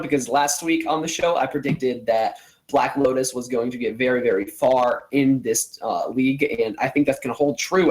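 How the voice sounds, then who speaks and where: A man's voice: medium pitch, low-quality recording. Upbeat man hosting a live stream show. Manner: upbeat, eager to hype matchups. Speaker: show host.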